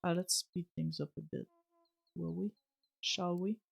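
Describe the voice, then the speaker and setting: A woman streamer giving soft-spoken, chatty commentary while playing a game, often restarting her sentences. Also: lowish voice, a little slow, gravelly, husky, faint music behind.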